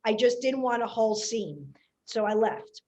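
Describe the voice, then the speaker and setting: A woman comedian, telling a story in casual podcast chat, animated and chatty. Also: fairly high pitch, moderate pace.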